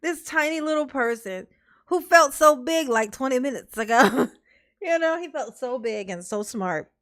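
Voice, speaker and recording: A high-pitched woman talks slowly and casually to her viewers, breaking into frequent laughter as she mocks what she watches. Her tone is playful and teasing. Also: lively intonation, fairly bright tone. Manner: laughs often, mocking, talks to viewers as y'all. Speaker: commentary vlogger. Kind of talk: casual reaction commentary.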